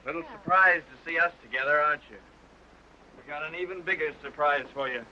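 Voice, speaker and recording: A man's voice: a little high, a little fast, lightly acted. An actor playing a brash, bitter young man in a 1929 talkie, sardonic in manner. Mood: mocking. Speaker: film actor. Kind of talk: 1929 early talkie acting. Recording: muffled early sound film with score.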